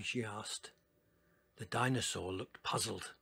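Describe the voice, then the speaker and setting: A man reading a children's storybook aloud in a gentle, expressive way. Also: lowish voice, unhurried, creaky, slightly rough, no echo. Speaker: narrator.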